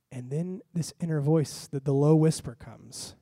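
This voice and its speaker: A man pastor preaches in a storytelling way, acting out his own reactions as he goes. His voice sits a little high but has a mellow, warm tone. The sound is close and dry. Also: a little slow, dry recording. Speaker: lead pastor. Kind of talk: storytelling sermon.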